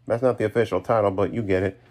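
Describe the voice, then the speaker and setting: A man's voice: lowish voice, steady tone, fast talker, a little mellow. Rambling, self-mocking male podcast host. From New York's Capital Region. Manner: rambling, self-deprecating, offhand asides. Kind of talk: solo podcast outro with shout-outs.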